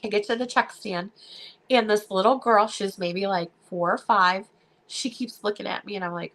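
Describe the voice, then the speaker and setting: A woman hosting a live stream, telling stories in a casual chat, animated and laughing often as she acts out what people said. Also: mid-range voice, moderate pace.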